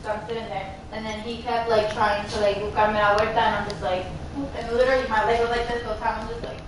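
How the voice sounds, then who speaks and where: A woman's voice: fairly high pitch, fast talker. A young woman telling a story casually to friends, acting out what people said and dropping in Spanish phrases. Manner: animated, quotes people, mixes in Spanish phrases. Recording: roomy, distant mic, background noise.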